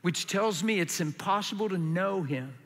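Male preacher, passionate sermon, high voice, echoing hall sound. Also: normal speed. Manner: impassioned, swings from quiet to loud. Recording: hall reverb.

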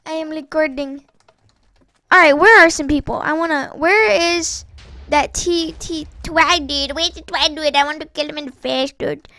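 A woman giving excitable live gameplay commentary, trash-talking opponents and giggling as she plays. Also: high-pitched, unhurried, no room sound. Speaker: gaming channel host.

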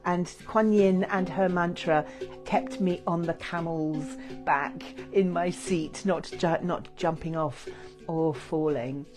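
A woman leading a guided meditation with chanting, gentle and effusive, with many fillers. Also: lowish voice.

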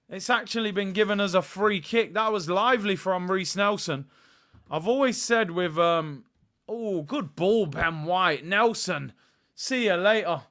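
A young man hosts a live fan watchalong, calling the play and chatting to viewers. His voice is bright and sits slightly high, and he gets excitable when the action picks up. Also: measured pace. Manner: chatty, excitable, jumps between play-by-play and asides, reads chat aloud. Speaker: fan channel host doing a live watchalong. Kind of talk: casual live match commentary.

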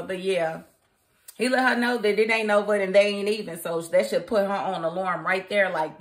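A woman giving a casual, opinionated spoken review of a TV episode, chatty and quick to laugh. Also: medium pitch. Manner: chatty and opinionated, laughs often, mimics characters. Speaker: TV show reviewer.

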